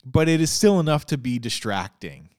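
A man co-hosting a casual podcast about a TV show, animated and jokey, sometimes slipping into silly voices. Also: mid-range voice, moderate pace, no room sound, clean studio sound. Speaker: podcast co-host. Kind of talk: casual TV discussion.

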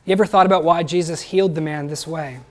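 A fast-talking pastor with a voice on the high side and fairly even intonation preaches a sermon. He speaks plainly and conversationally to his congregation, asking them questions.

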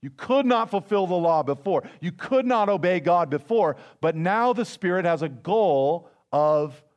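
A pastor with a fairly high voice preaches a conversational sermon, weaving family stories together with scripture. He slows down to stress key phrases.

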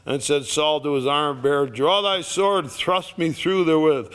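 A man preaching a sermon, reading scripture aloud and retelling the story in lively plain talk. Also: a little high, normal speed, clean tone. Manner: animated storytelling, acting out the characters. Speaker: pastor.

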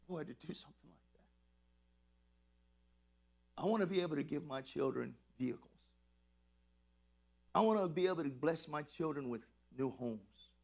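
Excitable preacher man. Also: a little high, moderate pace, creaky, pauses often. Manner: excitable, emphatic preaching with stammered restarts and laughs. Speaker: pastor. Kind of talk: sermon.

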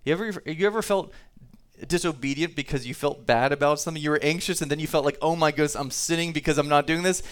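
A man's voice: on the high side, fast talker, clear, resonant tone. A man preaching a sermon to his congregation, talking easily, reading scripture aloud and repeating himself now and then. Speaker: pastor.

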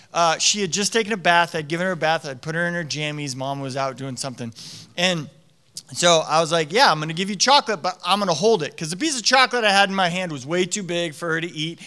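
A man in his thirties preaching a conversational sermon, telling stories in a lively, casual way with lots of "like" fillers. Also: high-pitched. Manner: animated storytelling with frequent "like" fillers.

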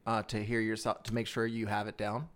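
A man's voice: fairly low pitch, monotone, a little fast. A man hosting a casual interview as an improv teacher, easygoing and encouraging, laughing easily. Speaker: podcast host and improv teacher.

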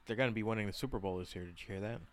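A man co-hosting a casual podcast chat, joking in a wry, deadpan way. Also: on the low side, very fast. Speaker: podcast co-host.

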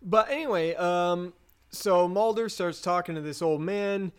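A man's voice: high voice, measured pace, smooth. A man co-hosting a podcast, recapping a TV episode in a chatty, laughing way with some swearing. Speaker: podcast co-host.

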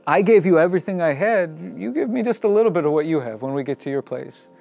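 A man's voice: a little high, expressive, quick pace, creaky, a little mellow. A man doing a serene old forest mystic. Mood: playful.

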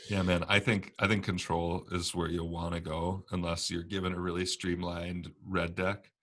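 A man's voice: low voice, level tone, moderate pace, a bit bright. A man co-hosting a podcast, talking about a card game in a rambling, casual way and often laughing. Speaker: podcast co-host.

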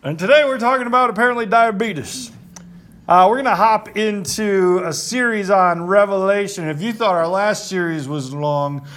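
A man's voice: sits high, normal speed, a bit bright, a little hiss or hum. A man hosting a casual Bible study video, joking, laughing often and trying silly impressions. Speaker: pastor and video host.

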